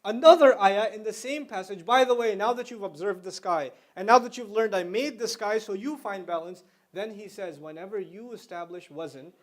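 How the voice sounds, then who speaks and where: A middle-aged man giving a religious lecture to students in a conversational way, explaining terms and slipping into slang. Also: sits high. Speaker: Islamic lecturer.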